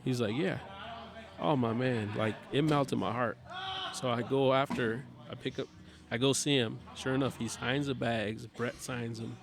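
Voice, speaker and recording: A cornhole player guesting on a talk show podcast speaks in a creaky, medium-pitched voice, steady and a bit slow. He chats casually but animatedly, acting out lines of dialogue while telling a story.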